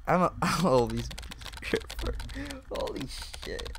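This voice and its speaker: Over music, a young man creating gaming videos reads chat messages from a game out loud, laughing and swearing casually as he goes. He talks at a moderate pace with a medium-pitched voice and lively intonation.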